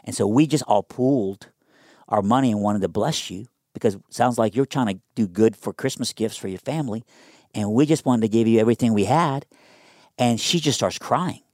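A young man telling a personal story in a casual interview, animated and conversational with lots of fillers. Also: fairly low pitch, fairly quick, dry recording, clean studio sound.

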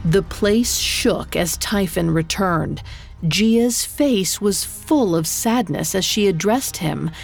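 Slow gravelly woman narrating a myth. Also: medium pitch, animated. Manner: measured, dramatic storytelling. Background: faint music.

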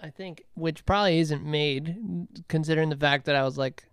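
A man co-hosting a podcast, telling stories in an animated, chatty way and laughing often. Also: on the high side, moderate pace, clean tone, no echo, studio quality. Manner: animated storyteller, acts out quotes, laughs often. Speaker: podcast co-host. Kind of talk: casual chat.

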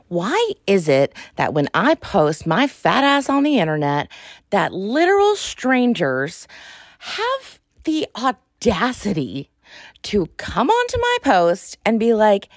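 Young woman podcaster, fed up and sassy, kinda gravelly, dry close sound. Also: medium pitch, takes it slowly, dry recording. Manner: sassy, exasperated, animated. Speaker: podcast host. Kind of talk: casual monologue.

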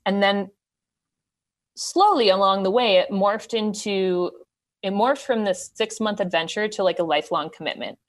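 A woman guest telling a candid, animated story in casual conversation. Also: medium pitch, moderate pace. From Wisconsin. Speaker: podcast guest.

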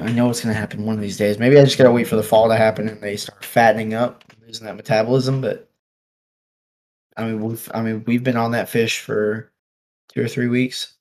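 A man swapping fishing stories in an easygoing chat, his voice sitting at an ordinary middle pitch. He talks in an animated, rambling way, full of "like" and "dude", and he laughs often. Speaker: podcast guest angler. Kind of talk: casual storytelling chat. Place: office.

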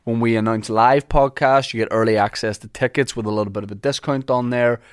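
A man's voice: medium pitch, steady tone, brisk, smooth. A Northern Irish man co-hosting a podcast, chatting casually, telling stories and laughing often. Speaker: podcast co-host. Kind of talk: casual chat.

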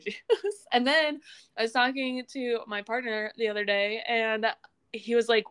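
A young woman with a Midwestern accent, co-hosting a science podcast in relaxed, self-amused casual talk. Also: a little high, a little fast, clear, resonant tone. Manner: relaxed, laughs at herself, fillers. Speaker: podcast co-host. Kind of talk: casual chat, reading show updates.

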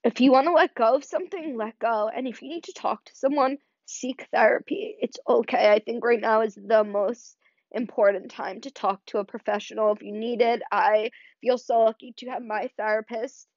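A young woman's slightly high voice moves at a moderate pace with fairly even intonation as she hosts her podcast alone. Choked up, she talks earnestly and rambles, using lots of "like" and "you know." The sound is dry, slightly dull lo-fi, with no echo.

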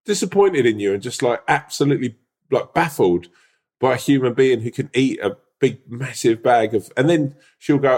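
A man's voice: mid-range voice, animated, moderate pace, a little mellow. A man rambling in casual podcast chat, peppered with fillers and laughter. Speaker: podcast co-host.

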